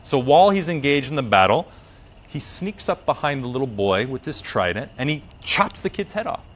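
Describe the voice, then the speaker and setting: A man's voice: medium pitch, normal speed. A man telling a story in a casual, slangy way as a yoga teacher, acting out the characters. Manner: slangy, animated, acts out characters.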